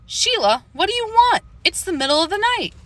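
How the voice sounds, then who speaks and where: A woman's voice: very high voice, very animated, a little fast, no echo, pitched above the performer's own voice. A woman reading the part of a sleepy, patient father woken in the night for an audiobook. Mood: weary. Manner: weary, patient.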